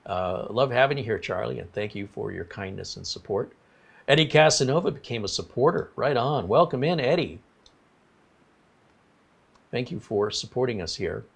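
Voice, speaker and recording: A man's voice: mid-range voice, animated, moderate pace, creaky, husky. A man hosting a casual livestream, talking in a rambling, apologetic way and reading viewer comments aloud. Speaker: livestream host.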